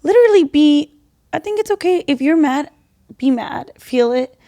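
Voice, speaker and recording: Young woman co-host, fairly high voice, earnest faith-centered chat, animated. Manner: earnest, animated, quick bursts and soft drops. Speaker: podcast co-host. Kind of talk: casual faith-based chat.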